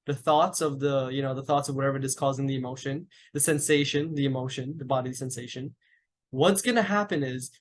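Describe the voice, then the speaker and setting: Calm man guiding a meditation. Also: fairly high pitch. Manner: slow, deliberate, with long pauses. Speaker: meditation teacher. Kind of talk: guided meditation instruction.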